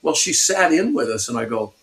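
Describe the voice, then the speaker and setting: A man's voice: medium pitch, animated, brisk, a bit bright. A man in his sixties from Pasadena, California, a guest guitarist animatedly telling stories in a radio interview and laughing often.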